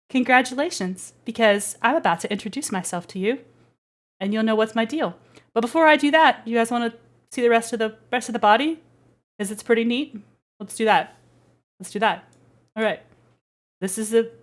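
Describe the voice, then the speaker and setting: A woman VTuber chatting casually on a livestream, giggly and rambling, playful. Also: fairly high pitch. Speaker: VTuber streamer. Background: faint background music.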